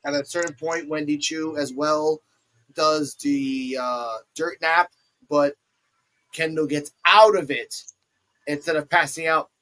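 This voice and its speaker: A man hosting a wrestling review show, recapping a match with animated energy and acting out quotes in high, excited voices. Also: poor audio.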